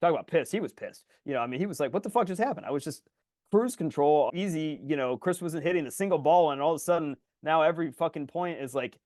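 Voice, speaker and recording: A man co-hosting a podcast, telling stories in casual chat, swearing freely and loudly acting out his own thoughts. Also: fairly high pitch, quick pace, no echo, clean studio sound. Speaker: podcast co-host.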